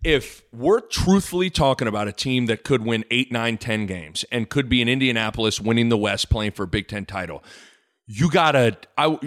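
A man's voice: medium pitch, lively intonation, normal speed, fairly bright tone. A man hosting a casual sports talk podcast, rambling and jokey, with frequent restarts as he breaks down a game.

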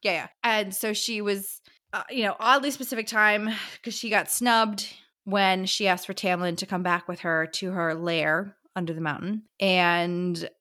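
Female podcast co-host, casual book-club recap, mid-pitched, chatty. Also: fairly even intonation, pushed and bright. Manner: chatty recap, slipping into quick voices for characters.

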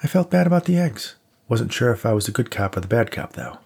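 A perky, quick-witted young woman with a lilting, cheeky way of talking, as a man puts her on. Her tone sits above his low, husky natural voice, and it still has a gravelly edge underneath. It is an audiobook character voice. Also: big pitch swings, a little mellow, exaggerated voice.

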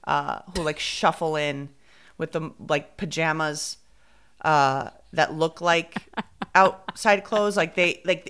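A woman's voice: deep voice, a bit bright, smooth. Rambling chatty woman podcast host. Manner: rambling, drops in Spanish fillers. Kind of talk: casual chat.

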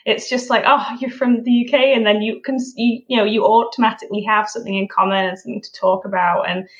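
A woman's voice: a little high, fairly even intonation, fast talker. A young woman from Yorkshire with a slightly transatlantic Yorkshire accent, a friendly, rambling podcast guest full of fillers, heard over a call. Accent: Yorkshire English with a transatlantic tinge. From Yorkshire, England. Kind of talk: casual chat. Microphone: remote call. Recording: dull lo-fi call audio.

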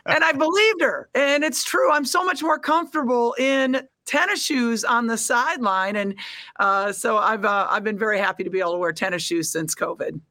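A woman's voice: on the high side, normal speed, bright, forceful tone, no echo. A middle-aged woman with a Midwestern American accent, a basketball coach talking openly and frankly as a podcast guest. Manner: open, chatty and frank. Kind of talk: casual interview chat.

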